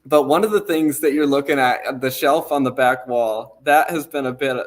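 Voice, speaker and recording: A man of middle pitch talks through a set of photos in an easygoing, loose way. He rambles, stops and restarts his sentences, and fills the gaps with ums. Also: moderate pace. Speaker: trailer company representative. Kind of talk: casual walkthrough of photos.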